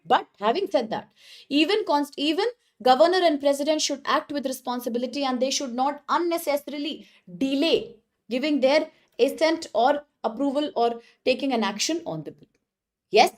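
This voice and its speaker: High-voiced woman lecturing. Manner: brisk and encouraging, praises students by name. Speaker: exam-prep lecturer. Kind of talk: live online class lecture.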